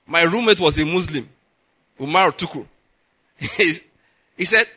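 A middle-aged male pastor preaching a sermon, pushing his voice higher and louder to stress his points. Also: a little slow, breathy edge. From Nigeria. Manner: emphatic, rises in pitch and volume to stress points.

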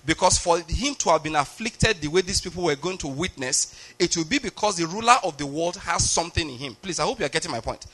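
A male preacher with a high, bright voice delivers a teaching sermon. He explains his point patiently and keeps asking the congregation whether they are getting it. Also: animated, quick pace, few pauses.

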